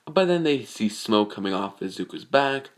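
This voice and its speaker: A man's voice: lowish voice, lively intonation, normal speed. Rambling man retelling a fan story. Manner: rambling, full of fillers like "like" and "you know". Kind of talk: casual retelling of a fan scenario.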